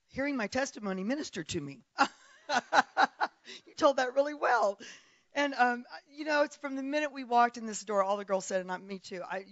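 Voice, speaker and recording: A guest preacher from South Africa, who spent part of her upbringing in Texas, opens her sermon at the church pulpit with warm, chatty remarks and frequent laughter. Her voice is medium-pitched, with no echo and the highs cut off.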